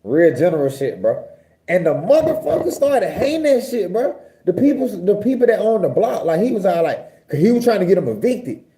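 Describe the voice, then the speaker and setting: A young man from Georgia, telling a story in a casual, profane, animated way. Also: sits high, fairly quick, background noise. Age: young adult. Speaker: vlogger.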